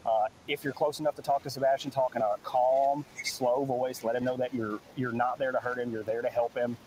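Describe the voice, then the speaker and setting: A man's voice: medium pitch, little pitch movement, brisk, a little mellow, slight background noise, poor audio. A man, a law enforcement officer, answering questions at an outdoor press briefing in an earnest, plain-spoken way. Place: outdoors at a search site.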